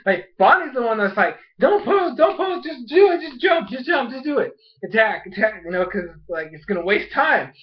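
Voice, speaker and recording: A man giving a rambling, excitable casual recap of an anime episode, acting out the characters' lines. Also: sits high, lo-fi sound. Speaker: anime reviewer.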